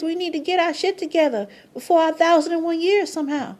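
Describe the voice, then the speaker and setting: High-voiced, excitable woman. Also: quick pace. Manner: excitable, slangy, swears, laughs often, repeats "okay?"; rises to high squeals of surprise. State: tired, sleepy at times. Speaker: numerology vlogger. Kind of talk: casual explainer monologue.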